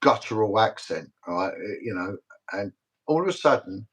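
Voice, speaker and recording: A man's voice: fairly low pitch, expressive, normal speed, breathy edge, low-quality recording. A middle-aged British man, a retired detective, talking as a guest in a casual livestream interview, emphatic and repetitive, rambling from story to story. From Britain.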